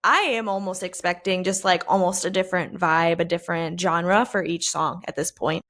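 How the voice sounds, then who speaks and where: A woman's voice: lowish voice, fairly even intonation, moderate pace, fairly bright tone. A woman in her late twenties co-hosting a podcast, chatting in an agreeable, enthusiastic way. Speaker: podcast co-host. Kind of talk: casual chat.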